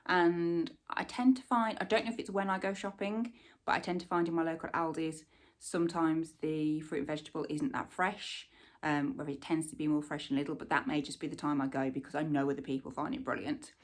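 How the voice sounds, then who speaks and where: A woman, chatting casually about her monthly favourites, rambling warmly with plenty of fillers and asides. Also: low-pitched, fairly even intonation, a little fast. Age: 40s. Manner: warmly enthusiastic recommendations. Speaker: lifestyle vlogger. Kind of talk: casual product-favourites chat.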